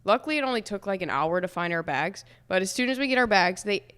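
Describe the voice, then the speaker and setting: A woman's voice: medium pitch, animated, quick pace, a bit bright, smooth, big-room sound. A young woman, a pro beach volleyball player, retelling a trip in a chatty, laughing way. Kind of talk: casual storytelling chat.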